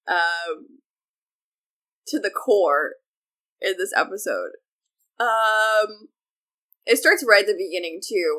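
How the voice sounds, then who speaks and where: A woman co-hosting a fan podcast in casual chat, animated and quick to laugh. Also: medium pitch. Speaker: podcast co-host.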